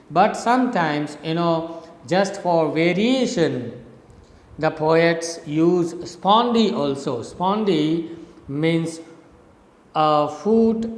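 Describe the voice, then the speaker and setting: A middle-aged man with an Indian English accent, giving a recorded lecture on poetic meter. He repeats words and spells them out for his students. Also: on the high side. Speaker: associate professor of English literature. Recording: roomy echo with long reverb.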